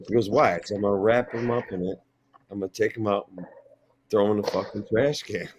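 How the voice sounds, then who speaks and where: A man's voice: lowish voice, rough recording. A middle-aged man hosting a casual live stream, telling rambling stories in a blunt, profane way. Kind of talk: casual chat.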